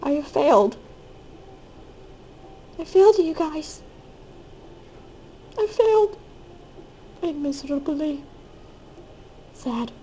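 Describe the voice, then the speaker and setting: A woman giving excitable, hyper commentary over her own gameplay, squealing and playful. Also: sits high, extremely slow, pauses often, slight background noise. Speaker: gaming video host.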